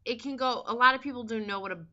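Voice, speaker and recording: A woman's voice: fairly high pitch, quick pace, pushed and bright, muffled recording. A woman vlogger talking in a casual diary style, chatty and candid, with lots of ums and likes. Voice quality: chatty, filler-heavy and candid.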